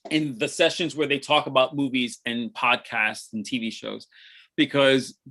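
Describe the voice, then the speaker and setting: A man's voice: medium pitch, fairly even intonation, moderate pace, bright, forceful tone. A man chatting casually on a livestream, rambling with many restarts and frequent laughs. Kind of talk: casual chat.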